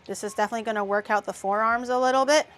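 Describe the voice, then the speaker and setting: A woman's voice: fairly high pitch, fairly even intonation, racing, fairly bright tone. A woman hosting a casual cooking tutorial, chatty and loose, with the odd crude joke. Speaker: vtuber cooking host.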